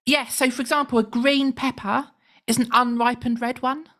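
A woman's voice: on the high side, steady tone, moderate pace, a bit bright. A woman co-hosting a podcast, chatting casually and explaining facts with dry jokes. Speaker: podcast co-host. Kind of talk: casual chat.

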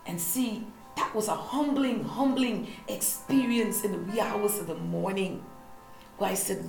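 A woman's voice: medium pitch, a little slow, creaky, darkish tone. A woman preacher leading online worship, giving fervent declarations and personal testimony, with "hallelujah" between her phrases. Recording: echoey room with faint music.

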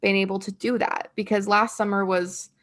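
A woman's voice: mid-range voice, level tone, normal speed. A young woman in her twenties, casually chatting and laughing often, talking in a self-deprecating way with many fillers. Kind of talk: casual chat.

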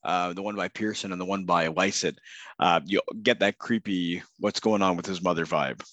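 Low-voiced easygoing podcast host man. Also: steady tone, moderate pace, a bit bright, no echo. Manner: easygoing, affirming with short backchannels. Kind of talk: casual podcast chat.

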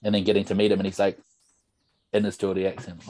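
Fast, low-pitched, and somewhat dark in tone, a young man speaks with little pitch variation. He's a podcast guest in casual conversation, telling rambling stories peppered with "like" and "bro."

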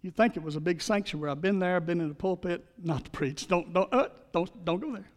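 A man's voice: high-pitched, a little fast, big-room sound. A man preaching a sermon, telling stories and leading the congregation in repeated phrases. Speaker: pastor.

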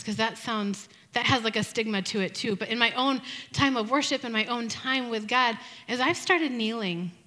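Soft-spoken earnest woman, high and bright. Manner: soft, slow, earnest, with reflective pauses. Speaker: women's group speaker. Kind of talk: devotional talk.

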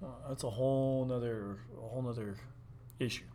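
A man reacts to a story in casual podcast chat, with mid-pitched short remarks. Faint background noise hums behind him. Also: steady tone, fairly quick, dark tone. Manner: short reactions, laughing along.

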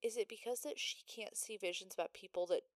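A woman podcast co-host who picks apart a film with animated questions and casual swearing, giggling as she goes. Her pitch sits in the middle range. The sound is close and dry. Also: fast talker, dry recording. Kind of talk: casual chat recapping a movie.

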